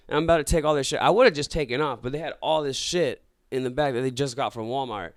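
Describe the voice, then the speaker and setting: A man hosting a podcast, casually telling a story in a loose, profane, animated way full of acted-out dialogue. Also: a little high, rapid-fire, hardly any pauses, clear, resonant tone, no echo, clean studio sound. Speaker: podcast host.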